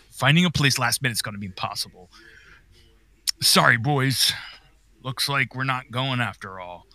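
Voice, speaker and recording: A man's voice: mid-range voice, a little slow, long pauses, sharp tone. A man playing a harried middle-aged father on a family vacation, chatty and easily exasperated, in a comedic horror audio skit.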